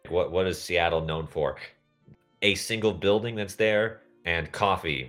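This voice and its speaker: A man's voice: low-pitched, a bit bright. A man co-hosting a podcast in casual chat, rambling from tangent to tangent. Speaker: podcast co-host.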